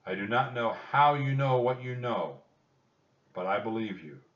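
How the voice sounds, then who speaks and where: A man's voice: mid-range voice, animated, measured pace, fairly bright tone, echoey room, pitched above the performer's own voice. A man doing a solemn resolute general. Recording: dull distant recording.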